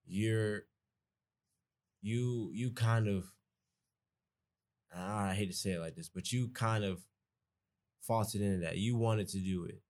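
Young adult man, Georgia accent, lower-pitched, casual rambling podcast guest. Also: slow pace, long pauses, a little mellow. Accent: Georgia, US South. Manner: rambling, restarts often, folksy. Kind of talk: casual conversation.

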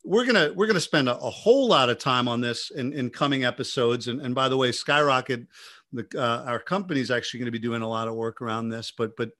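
Bright-voiced, animated male podcast host. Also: medium pitch, fast talker. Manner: animated storyteller, many restarts. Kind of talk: casual podcast chat.

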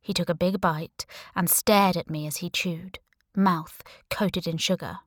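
A woman narrating a first-person thriller audiobook, with wry, even storytelling on a close studio mic. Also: fairly low pitch, measured pace, no echo.

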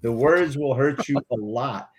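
A man's voice: mid-range voice, unhurried. A man speaking as a guest on a talk show, giving earnest, emphatic motivational advice and repeating affirmations.

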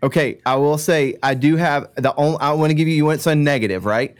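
A man's voice: fairly high pitch, fast talker, smooth. A middle-aged man hosting a casual podcast chat, talkative and self-deprecating, with frequent fillers. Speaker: podcast host.

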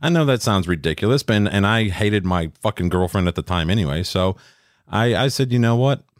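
Blunt, low-voiced man telling stories. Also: expressive, a little fast, no room sound, clean studio sound. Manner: blunt, profane storytelling. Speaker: podcast co-host. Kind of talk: casual chat.

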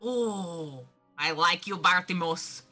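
A woman's voice: lowish voice, slow, bright, forceful tone, faint music behind, heavily acted. A woman doing a gushing, eager adventurer. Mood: excited.

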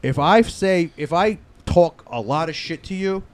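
A man in his forties from northern New Jersey with a New Jersey accent, telling profane stories on a casual podcast, getting loud when he quotes his friends. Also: on the high side, animated, measured pace. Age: 40s. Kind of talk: casual chat.

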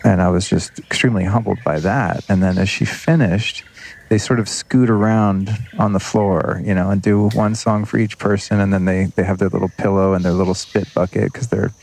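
A podcast host speaks alone in a loose, earnest, rambling way and drops the odd swear word. His voice sits very low, with a gravelly fry and a husky edge. He talks like he is thinking out loud. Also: fairly even intonation, normal speed. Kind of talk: unscripted reflective monologue.

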